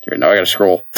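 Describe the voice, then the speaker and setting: Dude co-hosting a podcast, chatty, rattles off scores, dead dry sound. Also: male voice, fairly low pitch, vocal fry, a bit bright, no room sound. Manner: chatty, running down results. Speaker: podcast co-host. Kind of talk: casual chat.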